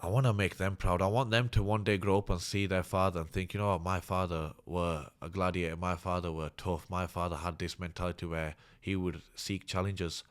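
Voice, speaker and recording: Man, thirties, fairly low voice, candid rambling interview talk. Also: fairly even intonation, a little fast, few pauses, clear, resonant tone. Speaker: fighter guest.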